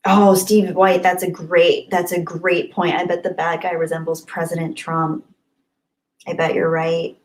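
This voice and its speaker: A woman's voice: on the low side, level tone, slow, long pauses, rough recording. A woman hosting a casual live stream, reading viewer comments aloud and chatting back, laughing often and sometimes dropping to near whispers.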